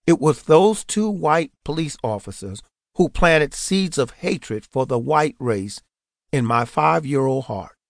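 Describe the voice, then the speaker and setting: A man reading an audiobook in a steady, earnest storytelling manner, close to the microphone. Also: on the high side, slow pace, creaky, no echo. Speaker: audiobook narrator. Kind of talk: scripted audiobook narration.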